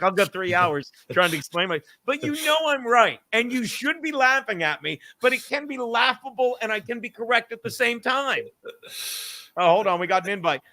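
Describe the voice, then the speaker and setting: Man, middle-aged, high-pitched, bright voice, casual podcast rant, swearing, animated. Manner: animated, swearing, argues with self, laughs often. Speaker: podcast host.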